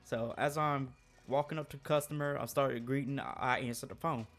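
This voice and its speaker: A man's voice: medium pitch, steady tone, fairly quick, fairly bright tone, faint music behind. A man telling a work story in a casual, slangy way, laughing often.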